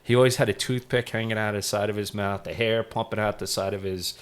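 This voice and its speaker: A man's voice: fairly low pitch, steady tone, quick pace, clear, resonant tone. A middle-aged man, a retired firefighter, telling firehouse stories in a rambling, casual way, full of "you know" fillers. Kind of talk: casual storytelling interview.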